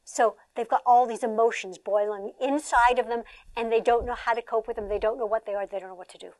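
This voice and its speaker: An older woman, a trainer and former therapist, lecturing a seated audience at a workshop in an animated, conversational way, often asking the room rhetorical questions. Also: a little high, fairly quick, no room sound.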